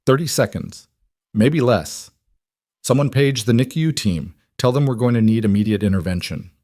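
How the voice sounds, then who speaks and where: A man voicing a calm, composed female surgeon who stays terse and steady under pressure during an emergency delivery, in a narrated story. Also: medium pitch, moderate pace, dry recording, clean studio sound, natural voice. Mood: urgent.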